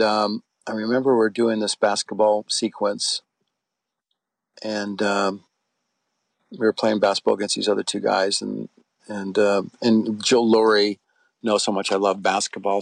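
This interview guest, a middle-aged man, has a low, gravelly voice with flat, unhurried delivery and no echo. His personal story wanders in a conversational way, with frequent false starts.

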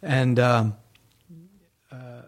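A man's voice: mid-range voice, little pitch movement, very slow. A man chatting casually on a comedy podcast, telling rambling anecdotes and laughing often.

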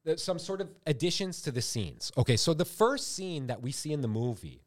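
Animated joking man hosting a podcast. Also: on the high side, fairly quick. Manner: animated, jokey, puts on squealing voices for quotes. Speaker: podcast host. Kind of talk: comedic casual chat.

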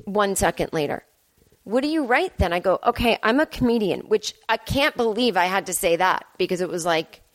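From her home apartment, a podcast host tells a self-deprecating comic story solo, acting out both sides of the conversation. Her medium-pitched voice is animated and fairly quick, with hardly any pauses.

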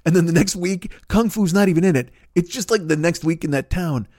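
A man's voice: sits high, a little fast, a little mellow, no echo, studio quality. A man in his forties hosting a podcast, ranting in a profane, rambling comedic monologue. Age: 40s. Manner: profane, rambling, exasperated rant. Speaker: podcast host.

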